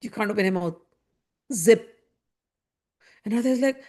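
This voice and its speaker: A woman telling a devotional story in an animated, conversational way with frequent asides. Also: medium pitch, normal speed, long pauses. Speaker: spiritual storyteller.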